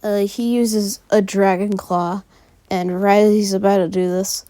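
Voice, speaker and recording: A woman casually narrating a fan story, filling pauses with frequent "uh"s. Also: medium pitch, fairly even intonation, dark tone.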